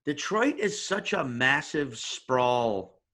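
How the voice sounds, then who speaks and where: Guy cohosting a comedy podcast, bright sharp voice, quick jokes, casual chat. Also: mid-range voice, very animated. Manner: quick, joking reactions.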